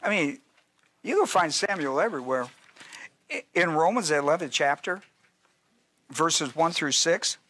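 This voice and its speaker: A man's voice: fairly high pitch, animated, moderate pace, pauses often, bright, forceful tone. A male pastor teaching a sermon in a folksy, joking way, with restarts and asides to his listeners.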